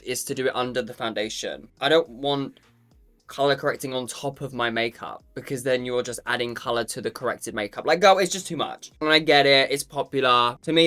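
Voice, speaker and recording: A man's voice: medium pitch, fairly bright tone. A man reviewing makeup to camera in a casual, campy and sassy way, swearing freely and calling the viewer "girl". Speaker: makeup vlogger.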